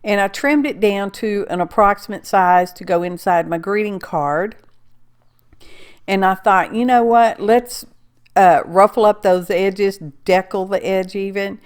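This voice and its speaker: A woman's voice: medium pitch, measured pace, clean tone. Chatty woman crafter. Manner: chatty, folksy and rambling, often asking "okay?". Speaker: card-making crafter. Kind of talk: casual craft tutorial.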